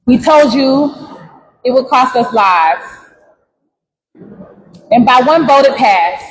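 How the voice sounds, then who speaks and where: A woman giving a public speech at a press conference as an organizer, talking emphatically and rising to shouts. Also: high-pitched, expressive, slow. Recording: distant voice with long reverb.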